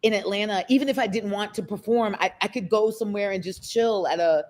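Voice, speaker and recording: A woman, a guest talking candidly in an interview, emotional and close to tears, her pace speeding up and slowing down. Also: medium pitch. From United States. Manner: emotional, expressive, quick shifts in pace. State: near tears.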